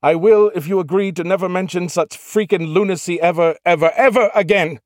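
A man's voice: mid-range voice, expressive, moderate pace, no echo, clean studio sound, pitched above the performer's own voice, close to an everyday voice. A man voicing a snarky, dramatic male AI with a tiny hologram avatar, whiny and exasperated. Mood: exasperated, panicky.

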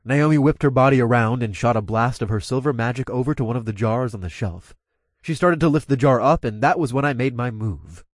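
A man reading a first-person story aloud at an ordinary middle pitch. His character's lines come out in a low growl. The recording is dry and close, with no room sound. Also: no room sound. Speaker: narrator.

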